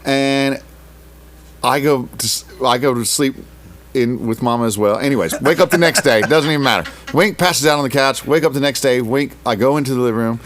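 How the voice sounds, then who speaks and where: A man's voice: medium pitch, a little fast, fairly bright tone. A middle-aged man from Oklahoma, a guest musician telling a long story in a casual, rambling, profane and emotional way.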